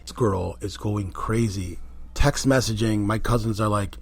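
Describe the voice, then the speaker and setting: A man, a former wrestler, telling rambling, animated stories in a casual interview. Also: lowish voice, moderate pace, slightly rough, no echo. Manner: rambling, animated anecdotes with quoted voices.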